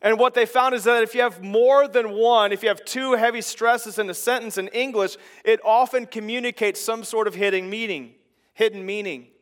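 A man's voice: high voice, steady tone, normal speed, a bit bright. A middle-aged man preaching a sermon as pastor, in an emphatic, conversational way that builds in intensity.

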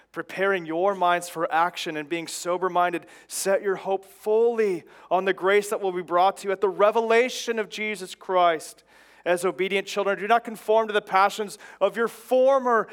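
A man in his thirties preaching a sermon in an earnest, exhorting way, pressing his points with repeated phrases. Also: high-pitched. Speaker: pastor.

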